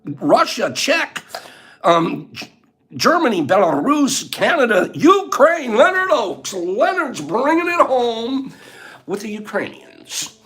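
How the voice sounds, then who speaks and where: An older man hosts a casual live chat in a high, fairly bright voice. He's playful and jokey, laughing often as he reads out viewers' answers on his livestream.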